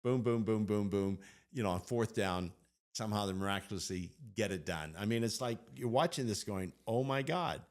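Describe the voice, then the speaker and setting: A middle-aged man co-hosting a faith podcast, telling stories in an animated, excited way. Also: on the low side, a little fast. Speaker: podcast co-host. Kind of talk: casual storytelling chat.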